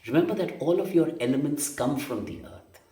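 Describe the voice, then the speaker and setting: A man's voice: fairly high pitch, animated, a little fast, warm tone. A man teaching energy healing and meditation, emphatic and repetitive, often asking rhetorical questions. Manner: emphatic, repeats phrases, asks rhetorical questions. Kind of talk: spoken meditation lesson. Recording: roomy sound from a distance.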